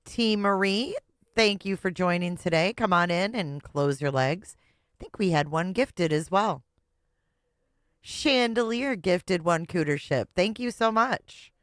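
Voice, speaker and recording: A woman's voice: fairly low pitch, unhurried, fairly bright tone, no room sound, studio quality. A woman hosting a livestream reaction, blunt and sarcastic, swearing freely. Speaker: livestream host.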